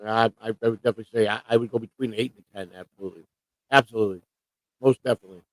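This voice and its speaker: A man's voice: on the low side, steady tone, racing, no room sound, rough recording. A man from Chicago co-hosting a casual live stream, rambling, repeating himself and trailing off. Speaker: co-host.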